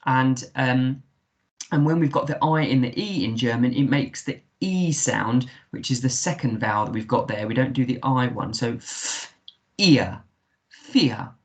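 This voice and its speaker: A man's voice: medium pitch, normal speed. A man with an English accent, a primary school teacher giving a recorded remote lesson, patiently sounding out words letter by letter.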